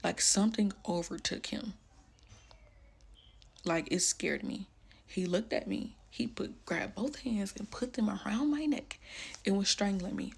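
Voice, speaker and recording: Gravelly, husky woman telling her story. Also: medium pitch, a little mellow. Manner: blunt, emotional, casual slang. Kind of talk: candid personal storytelling.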